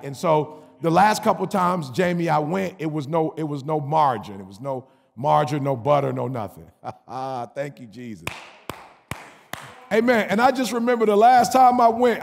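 High, raspy-edged male preacher, animated storytelling with call-and-response, in a reverberant hall. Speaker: pastor. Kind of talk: sermon storytelling.

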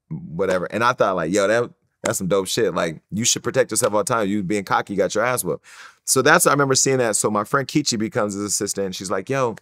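Low-pitched man, frank and profane storyteller, dry close recording. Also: no echo. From California. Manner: candid, profane, animated storytelling. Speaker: interview guest. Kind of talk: storytelling in a sit-down interview.

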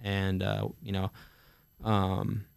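Young male storyteller, clear and resonant, flat delivery, swears freely, on a dry close mic. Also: fairly low pitch, very slow, no echo. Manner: frequent fillers and swearing, acts out quoted dialogue. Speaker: Marine telling his story as a podcast guest. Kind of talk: casual conversational storytelling.

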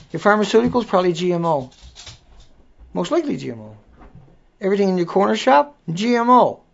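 A man's voice: high voice, animated, brisk, creaky. A man with an accent, hosting a casual livestream, talking bluntly and swearing as he rants. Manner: blunt, ranting, swears freely. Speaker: livestream host. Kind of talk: casual live-stream rant. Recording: dull lo-fi audio.

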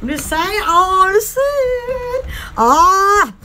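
A woman's voice: very high-pitched, sing-song, extremely slow, sharp tone. A woman vlogger who runs an online shop, chatting in a rambling, casual way with frequent giggles and exclamations. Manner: exclamatory, giggly, many oh-my-goshes. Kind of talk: rambling casual livestream chat.

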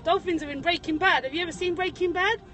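A very high, silly voice for a rambling, cheeky bearded taxi driver, played by a woman. The chatter is giggly and nonsensical, a little off-mic inside a parked car. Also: quick pace, fairly bright tone, recorded from a distance, highs cut off. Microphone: phone camera.

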